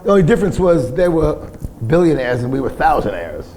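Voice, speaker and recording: Animated New man telling stories. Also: fairly high pitch, brisk, background noise. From the Bronx, New York. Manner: animated raconteur, laughs through his stories. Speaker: interview guest, punk singer. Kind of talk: storytelling interview. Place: bar.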